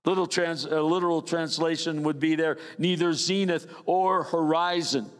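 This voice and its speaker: An older man preaching a sermon as pastor, his voice swinging from raised emphasis down to low, quiet lines. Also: steady tone, moderate pace, in a large hall. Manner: preaching with sweeping rises and drops in pitch.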